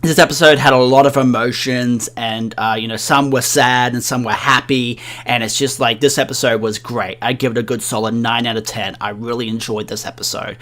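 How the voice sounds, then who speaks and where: A man's voice: mid-range voice, steady tone, fairly quick, few pauses, a bit bright. A man hosting an anime review channel who recaps an episode casually, rambling with many fillers. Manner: rambling, heavy on fillers like um and you know.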